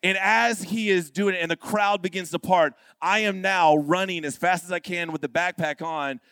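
A young man preaching as a guest pastor, his voice sitting a little high for a man. He tells his story with lively comic timing and slips into quick voices for the people in it. The sound is close and dry, with no room echo. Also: smooth. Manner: animated, acts out quoted people with shifting voices.

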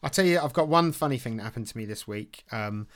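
A man's voice: mid-range voice, expressive, fast, fairly bright tone, a little hiss or hum. Jokey man, casual podcast chat. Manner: chatty and jokey, laughs often. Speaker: podcast co-host.

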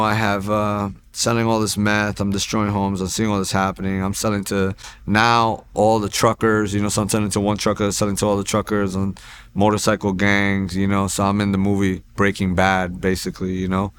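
A man's voice: lowish voice, fairly bright tone. A man in his forties sharing a personal faith testimony in a church, telling it in an earnest, rambling way with restarts and asides.

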